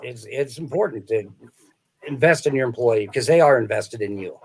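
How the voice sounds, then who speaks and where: A man's voice: medium pitch, lively intonation, normal speed, breathy edge. A man who is a sales author, a guest in a casual interview, telling stories in a rambling way, often laughing and restarting his sentences. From small-town American Midwest.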